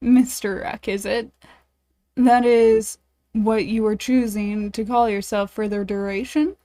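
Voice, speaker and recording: A woman's voice: fairly high pitch, steady tone, a little slow, warm tone, close to an everyday voice. A woman voicing a stern, disapproving older male professor in a game let's play, speaking formally and stiffly. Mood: disdainful.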